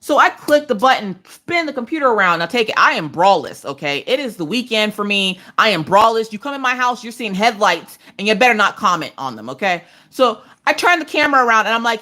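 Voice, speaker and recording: A woman in her thirties hosting a livestream from her couch at home, chatting casually and telling animated stories, slipping into voices for the people she quotes. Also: medium pitch, a little fast, few pauses. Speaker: livestream host. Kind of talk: casual chat while crafting.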